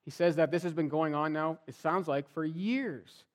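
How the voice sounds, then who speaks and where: A pastor preaching his sermon in a relaxed, conversational way, slipping into the voices of everyday people as he makes his point. His voice sits a little higher than most men's and rises and falls a lot. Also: normal speed.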